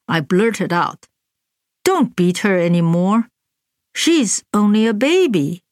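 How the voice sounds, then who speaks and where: A woman reading a first-person memoir aloud in a measured, deliberate, even delivery. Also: fairly low pitch, no echo, studio quality. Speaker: audiobook narrator. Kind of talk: scripted narration of a memoir.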